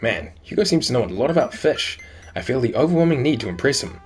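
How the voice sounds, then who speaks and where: A man's voice: mid-range voice, sing-song, fast talker, faint music behind. A man joking through a let's-play of a dating game, self-mocking, swearing and stumbling over words. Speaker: gamer reading and playing a dating game.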